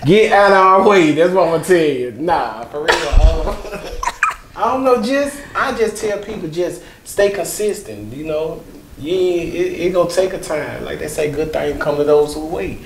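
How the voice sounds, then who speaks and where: A man's voice: on the high side, lively intonation, moderate pace. A man from Mississippi with a rural Southern accent, chatting casually as an interview guest, joking, laughing easily and restarting his sentences. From Mississippi, USA. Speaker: comedian and voiceover creator, guest. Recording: echoey room with clear background noise.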